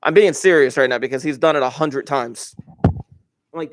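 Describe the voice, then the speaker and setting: A middle-aged man from New Jersey, a high school math teacher giving a classroom lecture full of chatty, enthusiastic asides. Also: normal speed, pauses often, a little hiss or hum.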